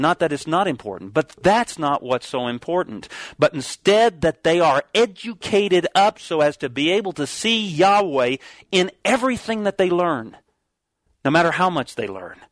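A man's voice: a little high, no echo. Man preaching, dry close sound. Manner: reads King James verses slowly, stresses key words, some restarts. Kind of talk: sermon with scripture reading.

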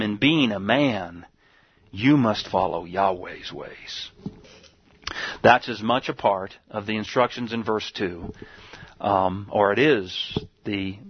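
A man's voice: fairly low pitch, slightly rough, no room sound. Emphatic preacher man, dull dry recording. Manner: slow emphatic scripture quoting, some restarts. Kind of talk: sermon with scripture reading.

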